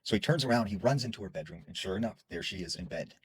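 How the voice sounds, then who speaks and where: A man's voice: lowish voice, lively intonation, quick pace, husky, no room sound, low-quality recording. A man casually telling a spooky story in a chatty way, dropping filler words as he goes. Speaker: horror storyteller.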